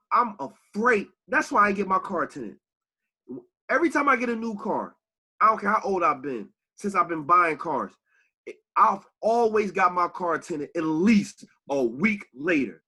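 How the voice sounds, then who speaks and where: Male podcast co-host, bright husky voice, very lively pitch, heated and profane. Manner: animated, profane, rises to shouts when angry. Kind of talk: heated casual podcast talk.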